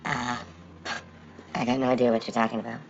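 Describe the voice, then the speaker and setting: A man's voice: medium pitch, little pitch movement, brisk, creaky, slight background noise, natural voice. An actor playing a nervous, apologetic dentist who stammers while asking for his money back, in a film. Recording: dull film soundtrack with music.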